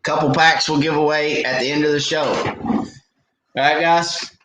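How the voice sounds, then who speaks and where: A man's voice: a little high, fairly even intonation, measured pace. This is a middle-aged man with a drawl, hosting a live Q&A for his fishing channel. He talks in an easygoing, chatty way and drops in plenty of "uh"s. His voice bounces around an echoey room with a faint hiss behind it. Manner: laid-back, chatty, frequent "uh" fillers. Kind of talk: live stream Q&A chat.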